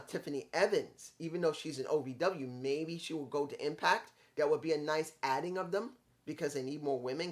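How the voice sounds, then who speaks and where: A man reviewing a wrestling show in casual, rambling commentary, getting frustrated and stumbling over names. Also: on the high side.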